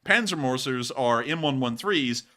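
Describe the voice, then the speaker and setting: A man's voice: mid-range voice, animated, moderate pace, pushed and bright. A man giving casual, joking commentary on video clips as a show host, breaking into laughs and mock voices. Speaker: war news commentator.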